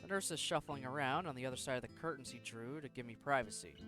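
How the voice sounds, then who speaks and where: Man narrating a visual novel, introspective, slow, stumbles on words, faint guitar music behind. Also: mid-range voice, bright, forceful tone. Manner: slow, introspective, sometimes tongue-tied. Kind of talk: first-person story reading.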